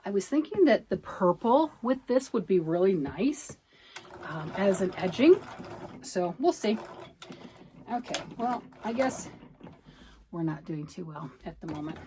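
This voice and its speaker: A woman's voice: fairly low pitch, lively intonation, a little slow, long pauses, warm tone, slight background noise. A middle-aged woman rambles cheerfully through a knitting vlog, thinking aloud as she works. She sounds a little out of breath, and her talk wanders from point to point. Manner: chatty, rambling, self-talk while working. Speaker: knitting vlogger. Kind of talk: casual chat.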